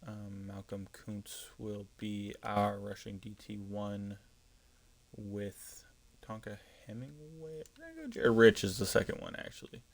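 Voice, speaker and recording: Thinking out loud while streaming a football video game, this man chats casually, full of ums and self-corrections as he goes. He sounds animated but a little slow, with a gravelly voice on the low side.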